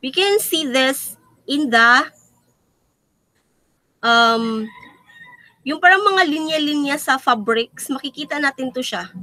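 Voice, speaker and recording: Young Filipino woman, Filipino accent, teaching a class; unhurried, bright, dry close sound. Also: on the high side, no echo, rough recording. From Philippines. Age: young adult. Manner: switches between English and Tagalog, frequent fillers. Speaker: student teacher presenting a lesson. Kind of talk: classroom lesson presentation.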